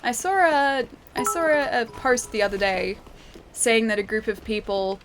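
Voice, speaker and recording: A woman's voice: a little high, moderate pace, a little hiss or hum. A young Australian woman with a city accent, chatting casually and giggling while she streams a game and reads her chat aloud. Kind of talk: casual livestream commentary. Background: game music.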